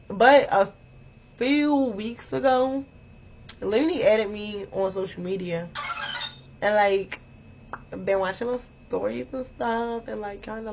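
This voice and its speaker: Talking straight to her viewers, a twentysomething vlogger recounts a story with lots of exclamations and free-flowing profanity. Her voice is mid-range, and the audio is dull and lo-fi.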